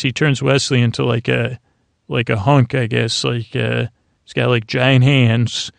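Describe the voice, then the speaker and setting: A man with a gravelly, mid-pitched voice casually recaps an episode, rambling and restarting as he goes. The sound is dry and close, with no room around him. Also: dry recording. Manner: loose, rambling retelling full of fillers and restarts. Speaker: podcast host.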